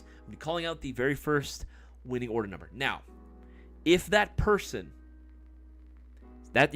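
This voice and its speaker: A man hosts a livestream in a loose, joking way, swearing now and then and answering the chat. His voice sits a little high and swings widely in pitch. Faint music plays behind him. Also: fairly bright tone. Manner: joking, talks back to live chat; mock ASMR murmur. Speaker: livestream host.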